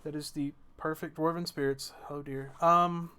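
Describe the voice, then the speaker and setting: A man's voice: fairly high pitch, fairly even intonation, normal speed, sharp tone, clear, resonant tone. A man voicing a dwarf queen who soothes her husband, with hesitant fillers. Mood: soothing.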